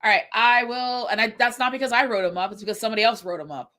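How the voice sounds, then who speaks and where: A woman's voice: on the high side, very fast, sharp tone. A woman in her forties, a middle school French teacher, chatting casually from home on a stream with a congested voice, rambling through stories with lots of fillers. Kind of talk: casual livestream chat during writing sprint.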